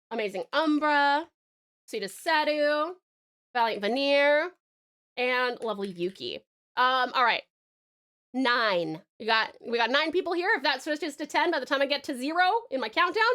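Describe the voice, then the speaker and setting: A woman's voice: sits high, fairly bright tone. A woman with an Australian accent, streaming live, chatting casually and giggling, calling her viewers pet names. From Tasmania, Australia. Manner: bubbly, giggly, showers chat with pet names.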